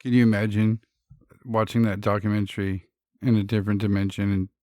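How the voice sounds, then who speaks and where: A man's voice: on the low side, level tone, a little fast, darkish tone, dry recording, clean studio sound. A man co-hosting a podcast, riffing on jokes with a laugh and then recounting a story behind some photos. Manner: laughs a lot, riffs on jokes, narrates photo stories. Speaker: podcast co-host. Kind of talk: casual comedic chat.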